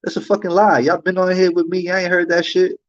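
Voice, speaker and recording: A man's voice: high voice, flat delivery, fast. A man hosting a livestream, ranting heatedly and profanely with repeated rhetorical questions. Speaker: livestream host. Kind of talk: livestream commentary rant. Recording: dull lo-fi stream audio.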